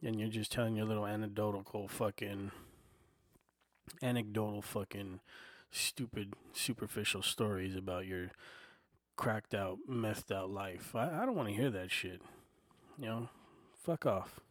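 A man with a fairly low voice rants into a desk microphone, swearing freely and dropping "you know" into nearly every sentence. He sounds heated but loose, like an unscripted solo podcast. The sound is close and dry, with no room echo. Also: unhurried. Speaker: podcast host. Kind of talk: casual solo podcast rant. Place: home desk. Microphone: desktop microphone and recorder.

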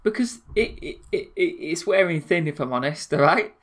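A man's voice: fairly high pitch, expressive, normal speed, a bit bright. A man co-hosting a casual podcast, laughing often and stumbling through restarts, calling his friend "mate". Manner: uses "mate" a lot. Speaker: podcast co-host. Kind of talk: casual banter.

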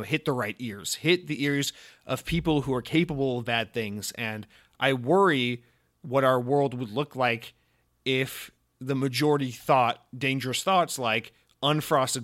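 Male solo podcast host, young adult, mid-range voice, mock-serious rambling rants. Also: medium pitch. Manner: mock-serious, rambling, animated with many restarts and fillers.

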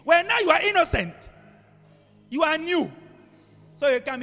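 A man's voice: very high-pitched, sing-song, unhurried, creaky, long pauses, pushed and bright, big-room sound, faint music behind. A male pastor preaching a live sermon, telling stories with acted-out voices and animal sounds.

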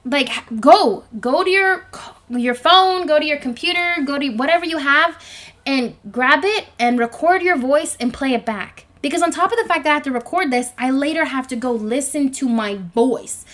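A woman in her twenties with a high, girlish voice, rambling self-consciously through a solo podcast recorded in her bedroom. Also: moderate pace, fairly bright tone. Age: 20s. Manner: rambling, self-conscious, chatty with frequent fillers. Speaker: podcast host. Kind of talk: solo podcast monologue, casual chat. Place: home bedroom. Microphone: microphone.

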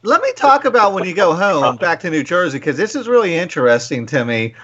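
Lively high-voiced male host. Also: fairly quick, muffled recording. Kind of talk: casual interview questions.

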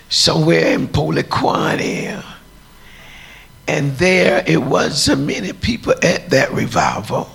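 A deep-voiced woman preacher telling a testimony, acting out the dialogue as she tells it. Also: gravelly, a bit bright, breathy edge. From United States. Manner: storytelling, acts out dialogue.

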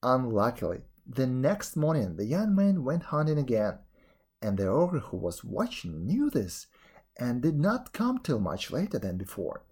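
A man reading a fairy tale aloud, expressive storytelling with a few slips. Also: medium pitch, unhurried, husky. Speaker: reader.

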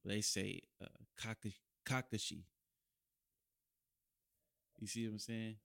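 A man's voice: on the low side, flat delivery, fairly quick, gravelly, clean tone, no echo, clean studio sound. A young man hosting a casual podcast chat in loose slang, often trailing off and restarting. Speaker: podcast host.

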